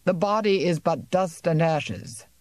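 A woman's voice: on the low side, unhurried, darkish tone, dry recording, lightly acted. A woman voicing a stern, pious older farmer and father who speaks severely, in an audiobook reading. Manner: severe, preaching tone.

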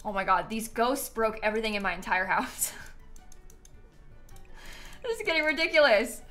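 Bright, lively woman streaming a game. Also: a little high, moderate pace, soft background music. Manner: chatty, giggly, talks to chat. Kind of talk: casual gameplay commentary.

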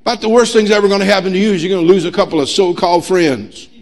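Emphatic preaching pastor with a higher voice. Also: male voice, racing. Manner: emphatic preaching with humor and rising intensity. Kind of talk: sermon. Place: church sanctuary.

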